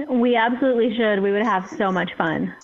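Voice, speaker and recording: A woman's voice: medium pitch, brisk. A middle-aged woman telling stories in a casual interview, chatty with many fillers. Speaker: guest, entrepreneur. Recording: phone-line call-in audio.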